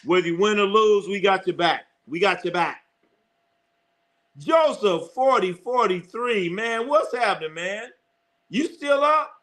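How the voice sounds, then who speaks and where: A man's voice: high voice, a little slow, fairly bright tone, slight background noise. A middle-aged man hosting a live sports stream, rambling and cursing, repeating phrases and laughing often as he reads chat.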